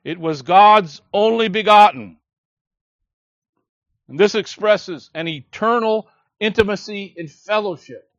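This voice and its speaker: A man preaching a sermon, earnest and measured, teaching a scripture passage with emphatic quotes. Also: high voice, fairly bright tone, no room sound, muffled recording.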